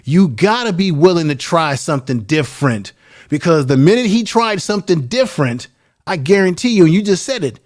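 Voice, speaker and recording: A man's voice: a little high, lively intonation, a little fast. A man who is a little tired, a guest on a live stream, giving earnest advice about building a channel. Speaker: guest YouTuber. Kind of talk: casual live stream chat.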